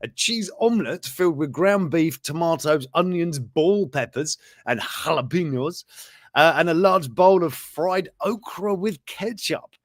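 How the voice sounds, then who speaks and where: A man's voice: a little high, measured pace, no echo. Man, host, casual commentary, rambling, chuckling, dry close sound. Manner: rambling, chuckling, breaks off mid-sentence. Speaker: show host. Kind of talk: casual commentary reading out news items.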